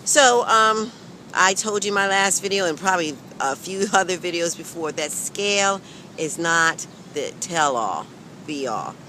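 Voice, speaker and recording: A woman with a somewhat low voice chats candidly to her viewers, frank and emphatic. She speaks outdoors on a city street early in the morning. Clear traffic rumble runs under her voice. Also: animated, a little slow, pushed and bright, low-quality recording. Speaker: vlogger. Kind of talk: candid weight-loss vlog chat.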